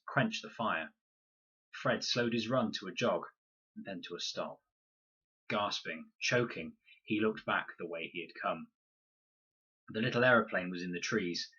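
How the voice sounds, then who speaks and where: A man reads a children's novel aloud in measured, expressive storybook narration. His voice is low and very husky, yet bright and forceful in tone. The recording sounds dull and lo-fi. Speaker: reader.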